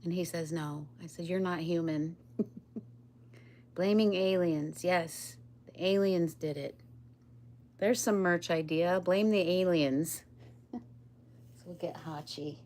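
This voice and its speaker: A woman's voice: fairly low pitch, slow, pauses often, darkish tone. A woman chatting casually on a live stream, rambling, laughing often and talking to her pets and viewers.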